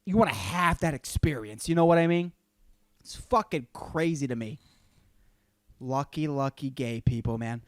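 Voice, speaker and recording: A man's voice: mid-range voice, expressive, normal speed, dry recording. A man hosting a solo podcast, ranting profanely and calling the listener "dude" throughout. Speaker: podcast host. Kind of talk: solo comedic rant.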